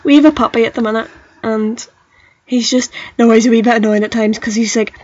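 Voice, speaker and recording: A young woman chatting on a podcast, playful and a little self-deprecating. Her voice sits slightly high. The sound is dull and lo-fi. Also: steady tone, fairly quick, a little mellow. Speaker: podcast co-host. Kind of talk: casual chat.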